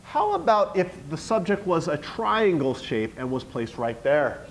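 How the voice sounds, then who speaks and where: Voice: medium pitch, sing-song, measured pace, low-quality recording. A teacher giving a classroom lesson, coaxing the students with question after question.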